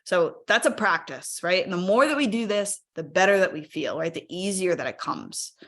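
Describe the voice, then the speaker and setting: Chatty woman leading a webinar, lower voice. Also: animated, normal speed, fairly bright tone. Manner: chatty, peppered with "right?" and "like"; encouraging, invites audience to use the chat. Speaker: webinar speaker. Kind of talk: casual live webinar talk.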